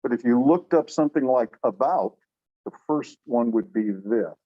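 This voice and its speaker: A man teaching a classroom lecture on English sounds, relaxed and explanatory, slowing down to demonstrate words. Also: medium pitch. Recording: dull lo-fi classroom recording.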